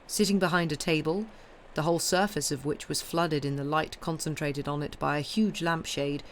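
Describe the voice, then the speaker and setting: A woman reading a classic novel aloud on a live stream, with steady storytelling. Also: deep voice, moderate pace, slight background noise. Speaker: audiobook reader.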